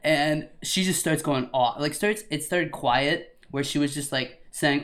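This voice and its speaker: A man's voice: fairly high pitch, a little slow, few pauses. A young man who works in a carpet department, casually telling a story with lots of swearing and laughter. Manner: animated, profane, laughs while telling stories.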